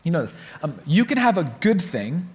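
A man preaching a sermon in a lively storytelling manner, repeating words for emphasis. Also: on the high side, moderate pace, breathy edge. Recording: long reverb of a big hall.

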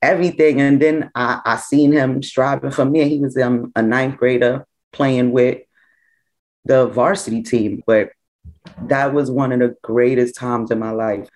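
A woman's voice: extremely low pitch, a little slow. New mother telling her story. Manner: conversational, full of "like", lively when quoting others. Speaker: interviewee, mother. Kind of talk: personal storytelling in an interview.

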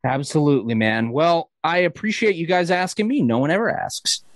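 A man hosting a casual chat, upbeat and quick to chime in. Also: fairly high pitch, no room sound. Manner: lively, upbeat interjecting. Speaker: host. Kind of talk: casual video-call chat.

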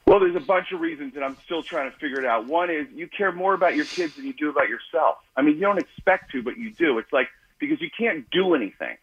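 A husky man from the Chicago area tells candid, self-mocking stories as a radio interview guest. His voice comes through slightly dulled broadcast audio. He plays out the voices of the people he quotes. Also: on the high side, lo-fi sound. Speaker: author and guest.

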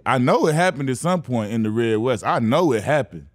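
A man's voice: lowish voice, expressive, brisk, hardly any pauses, darkish tone, no room sound. A man hosting a casual chat, interjecting and laughing along as he asks questions.

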